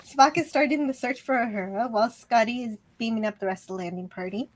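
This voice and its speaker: A woman's voice: on the high side, quick pace. A woman co-hosting a casual review chat, upbeat and teasing. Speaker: podcast co-host.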